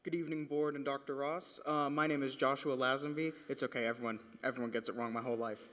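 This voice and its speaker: A man's voice: mid-range voice, fairly even intonation, fast talker, fairly bright tone. A young man, a recent graduate, giving a courteous, somewhat hesitant public comment at a school board meeting. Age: young adult. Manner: courteous and hesitant, with many fillers. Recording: long reverb of a meeting hall.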